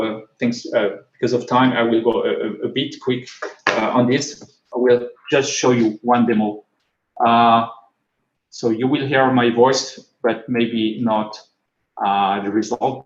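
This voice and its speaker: A man with a French accent giving a technical conference talk, halting with frequent repeats and fillers. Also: medium pitch. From France. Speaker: conference speaker. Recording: roomy, slightly dull recording.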